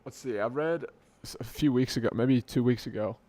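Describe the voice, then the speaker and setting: Speaking fairly quickly in a warm, mid-range voice, a young man runs an unscripted solo podcast from a dim room at home late at night. Into his desk microphone he rambles, backtracks to correct himself, and jokes about himself.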